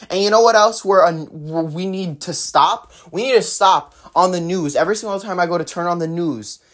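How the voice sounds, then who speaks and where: A woman hosting a podcast, delivering an impassioned, indignant political monologue. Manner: fiery, indignant, swings from loud outbursts to low sighs. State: out of breath at times. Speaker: podcast host.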